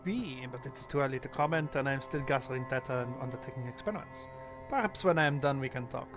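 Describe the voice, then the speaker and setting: A man's voice: mid-range voice, quick pace, music in the background, close to an everyday voice. A man voicing a formal, earnest French investigator with a put-on French accent, reading game dialogue. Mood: puzzled. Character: earnest male French investigator gathering data.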